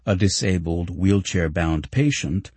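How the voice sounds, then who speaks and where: A male audiobook narrator with a lowish, husky voice. He reads in a measured, reflective way. The sound is close and dry. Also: a little mellow, no room sound. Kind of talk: audiobook reading of nonfiction.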